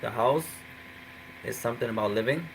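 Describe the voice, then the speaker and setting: A man's voice: mid-range voice, normal speed, gravelly, a bit bright, a little hiss or hum, low-quality recording. A man teaching a live online Arabic class, coaxing his students and slipping Arabic phrases into English explanations.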